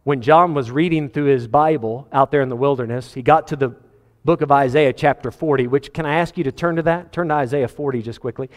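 A man preaching a sermon in an earnest voice, his pitch climbing high when he presses a point. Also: fairly quick, long reverb tail. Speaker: pastor.

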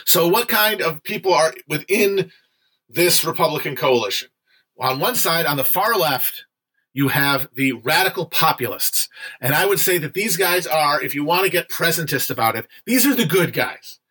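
A young man hosts a relaxed livestream talk about a book he has been reading with his viewers. His voice sits a little high and rings bright. He rambles, restarts and fills gaps with "uh", and drops a curse now and then. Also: moderate pace. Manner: loose, chatty, digressive with frequent fillers and profanity. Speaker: livestream host discussing a history book. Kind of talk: casual livestream book discussion.

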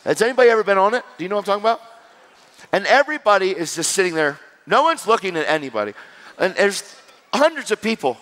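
A middle-aged man preaching his personal testimony in a conversational style, swinging between loud and hushed. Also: high voice, big pitch swings, fast talker. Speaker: evangelist. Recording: long reverb of a large hall.

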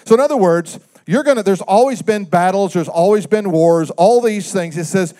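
A man delivering a sermon in a slightly higher-than-usual voice. He talks conversationally, often asking his listeners questions. His delivery swings between loud, emphatic lines and low, quiet asides. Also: moderate pace, few pauses. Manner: conversational, asks the congregation questions. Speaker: pastor.

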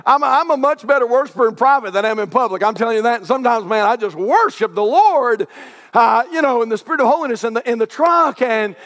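A middle-aged pastor, preaching a sermon from the pulpit that swings from loud shouts to hushed, quiet asides. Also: male voice, very high voice, expressive, fast talker, long reverb tail. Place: church sanctuary.

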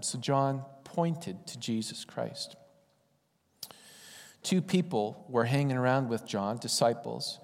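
A man's voice: medium pitch, slow pace, a little mellow. A man preaching a sermon in a conversational, folksy storytelling way. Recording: long hall reverb.

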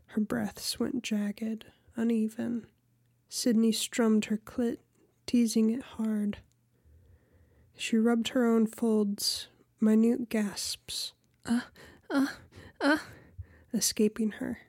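A woman reading erotic fiction aloud in a soft, often half-whispered voice. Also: a little high, little pitch movement, takes it slowly, vocal fry, no room sound, studio quality. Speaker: audiobook narrator. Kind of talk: erotic audiobook narration.

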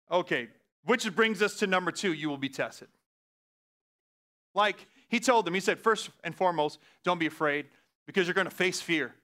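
A man preaching a sermon as pastor, talking in a casual, laughing way and swinging from hushed lines to loud outbursts. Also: sits high, normal speed, pauses often.

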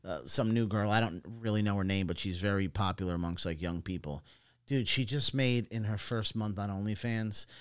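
A man co-hosting a casual chat, telling stories haltingly with many fillers and restarts. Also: fairly low pitch, clear, resonant tone, no echo, clean studio sound. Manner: hesitant storytelling full of fillers and restarts. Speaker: podcast co-host.

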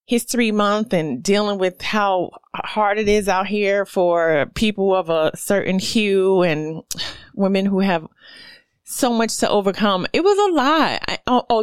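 A woman's voice: lowish voice, smooth, dry recording, clean studio sound. A woman hosting her own podcast, talking candidly and with plenty of profanity, lots of fillers and asides. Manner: candid, profane, animated storytelling with many fillers. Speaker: podcast host. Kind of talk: casual solo podcast monologue.

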